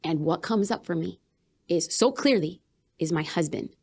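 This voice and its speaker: Animated, emphatic woman, lowish voice. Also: moderate pace, slightly rough. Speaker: podcast guest. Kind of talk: candid conversational interview. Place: business retreat in Austin.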